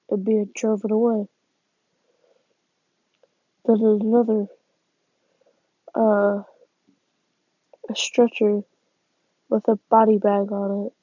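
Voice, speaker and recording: A woman casually narrating a fan story, halting, with sighs and restarts. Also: medium pitch, no echo. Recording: dull lo-fi sound.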